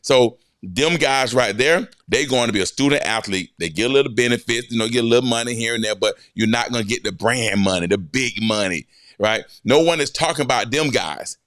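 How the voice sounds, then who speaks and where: A man's voice: mid-range voice, brisk, fairly bright tone, no echo. Emphatic man with a dry close sound. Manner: emphatic, checks in with repeated "right?". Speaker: podcast host, coach. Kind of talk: podcast conversation.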